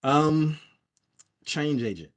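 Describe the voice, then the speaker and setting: A man's voice: on the high side, animated, extremely slow. A man speaking as an interview guest, casual and hesitant, with many fillers and restarts.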